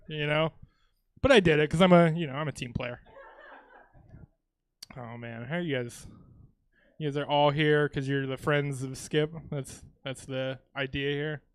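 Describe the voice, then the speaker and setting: A man from Louisiana does a stand-up set with a fairly high, smooth voice and a dry, close sound. He talks casually, swears freely and chuckles between lines into a handheld mic. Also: fairly bright tone, no room sound. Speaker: stand-up comedian. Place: comedy theater stage.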